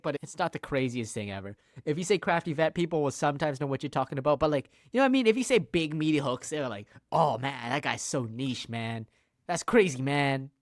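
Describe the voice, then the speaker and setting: Slangy young man ranting, slightly high voice. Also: fairly bright tone, dry recording, studio quality. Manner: rambling, profane, slangy. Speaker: YouTuber. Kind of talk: casual ranking commentary.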